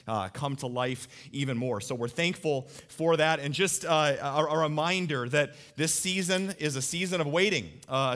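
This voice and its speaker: A man's voice: fairly high pitch, fairly bright tone. A man in his thirties, a pastor giving a sermon to a live audience in a church, talking conversationally and putting questions to the listeners. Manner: conversational, asks the audience questions, tells family stories.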